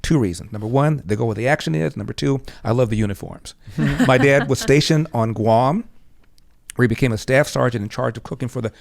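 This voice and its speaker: Older man, podcast guest, fast talker, gravelly voice, animated storytelling. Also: mid-range voice, no echo. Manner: animated storyteller who acts out quoted dialogue. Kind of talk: personal storytelling. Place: podcast studio.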